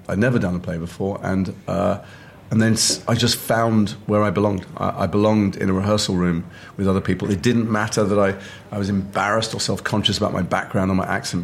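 A middle-aged man from Liverpool, a guest actor telling animated stories over a meal and acting out quoted voices. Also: low voice, gravelly, a little hiss or hum. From north of England, Liverpool. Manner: animated storyteller who acts out quoted voices. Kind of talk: casual chat over a meal. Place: restaurant table.

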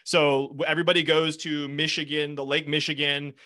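A man hosting a podcast, chatting casually with his guest. His voice sits a bit high, and he talks earnestly, rambling and restarting sentences, with the odd swear word. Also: level tone, a little fast, pushed and bright. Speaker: podcast host. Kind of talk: casual interview chat. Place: home studio with foam panels.

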